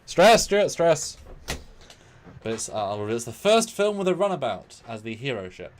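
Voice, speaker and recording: A man co-hosting a casual live stream, joking and chatting with a lively manner. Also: mid-range voice, fast, faint music behind. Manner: animated, joking, self-deprecating. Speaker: co-host.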